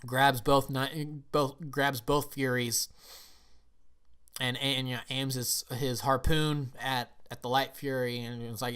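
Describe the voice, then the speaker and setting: A man's voice: mid-range voice, fairly even intonation, a little slow, fairly bright tone. Rambling enthusiastic man recapping a film. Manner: rambling, enthusiastic retelling with frequent restarts. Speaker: film reviewer. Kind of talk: casual movie recap and review.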